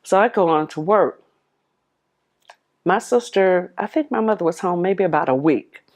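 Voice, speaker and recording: Low-voiced woman telling her story. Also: normal speed, a little mellow. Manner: heartfelt, vivid, replays conversations in dialogue. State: tearful at moments. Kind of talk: personal storytelling to camera.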